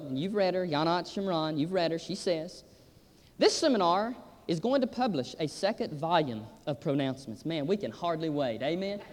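A man delivers a sermon in a notably high voice, driving his points home with emphatic repetition. His words carry a long reverb, as if spoken in a large church hall. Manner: emphatic, repeats "I'm telling you". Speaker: preacher.

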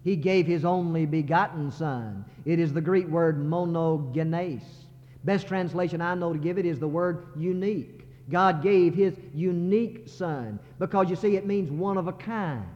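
A man's voice: on the high side, moderate pace, darkish tone. A man preaching a sermon as a pastor, building to impassioned crescendos. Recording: muffled sermon recording in a reverberant sanctuary.

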